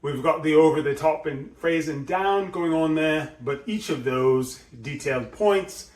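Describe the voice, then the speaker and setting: Guy coaching on how to talk, kinda high voice, animated, echoey room. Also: measured pace, distant mic. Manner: animated, demonstrates with his voice. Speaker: voice and speaking coach. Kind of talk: explanatory lesson on speaking.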